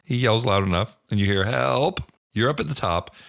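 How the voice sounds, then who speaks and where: A man running a tabletop game as game master, relaxed and halting, often laughing as he talks. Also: fairly low pitch, no echo, studio quality. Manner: relaxed, stumbling, often laughing mid-sentence.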